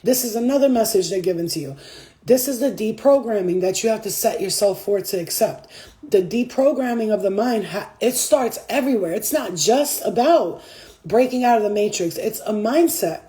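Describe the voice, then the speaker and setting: Profane, animated woman with a warm voice. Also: medium pitch, moderate pace. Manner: loose, profane, laughing, acts out voices. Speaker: spiritual reader. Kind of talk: casual spiritual vlog talk.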